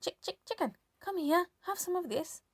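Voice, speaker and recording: A woman doing an excited young boy, high and eager. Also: normal speed, no room sound. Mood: coaxing. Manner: shouting, insistent and excited.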